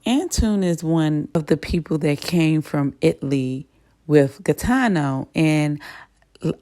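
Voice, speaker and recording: Low, warm-toned woman, casual TV recap, chatty, voices the dialogue. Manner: chatty, voices the characters' lines while retelling. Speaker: TV episode recapper. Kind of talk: casual plot retelling.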